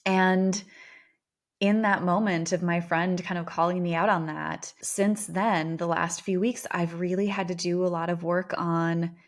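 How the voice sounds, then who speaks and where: A woman's voice: lowish voice, steady tone, a little slow. A woman with a Minnesotan accent, a therapist hosting her own podcast, talking in a candid, self-reflective, conversational way. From Minnesota, USA. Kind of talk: reflective solo podcast talk.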